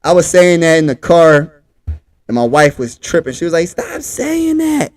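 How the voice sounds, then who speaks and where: A man's voice: a little high, normal speed, smooth, no room sound. A man from Pennsylvania, hosting a casual livestream sports talk show and talking straight to his chat in a hyped way.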